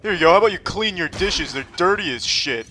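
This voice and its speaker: A man in his thirties giving deadpan, profanity-laced commentary while playing a game. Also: sits high, quick pace. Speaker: streamer. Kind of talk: gameplay commentary.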